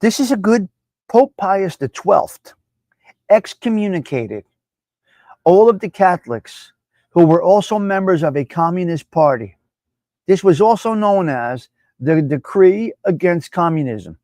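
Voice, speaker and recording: A man's voice: sits high, expressive, a little slow, warm tone, dry recording. A man from New Jersey with a New Jersey accent, hosting a live stream and talking bluntly, repeating himself for emphasis. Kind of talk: casual opinionated live stream talk.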